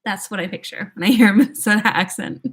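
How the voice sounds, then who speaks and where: A woman's voice: medium pitch, expressive, moderate pace, husky. Giggly young woman chatting on a livestream. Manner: chatty, giggly, thinks aloud with many "like"s. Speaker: livestream host. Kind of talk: casual chat answering viewers.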